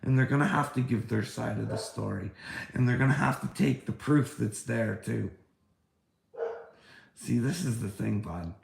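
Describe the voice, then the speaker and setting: In a roomy-sounding clip, a man with a mid-range, fry-tinged voice talks at normal speed during a rambling livestream rant. He taunts the listener as "bud," preaches, curses a lot and keeps laughing between his lines.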